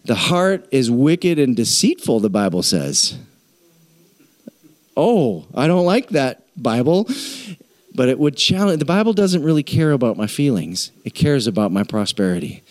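In a sing-song, slightly mellow voice of medium pitch, a pastor preaches a little slowly. His sermon is humorous, conversational and self-deprecating, and he calls on the congregation for responses.

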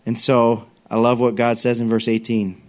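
A male pastor preaching a lively, conversational sermon, dropping to soft tones and acting out voices. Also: medium pitch, moderate pace. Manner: conversational, acts out voices, varies loudness.

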